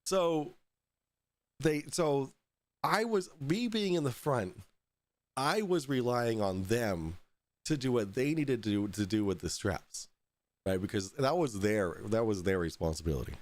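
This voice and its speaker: A man tells a story on his podcast in a loose, foul-mouthed way, laughing as he goes. His pitch swings widely as he acts out the moments. The sound is dry and close to the mic. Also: a little slow, dry recording. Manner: animated, profane, laughing storyteller. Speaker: podcast host. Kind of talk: casual storytelling.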